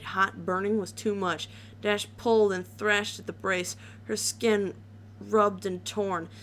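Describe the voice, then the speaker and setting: A woman's voice: mid-range voice, a bit bright, a little hiss or hum. A woman reading a horror story aloud in a casual way, with small slips and restarts.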